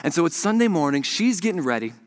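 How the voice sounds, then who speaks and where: A young male preacher tells a story to his congregation. His voice sits a bit high for a man. He swings between hushed asides and loud, lively punchlines. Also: quick pace. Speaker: pastor. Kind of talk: sermon.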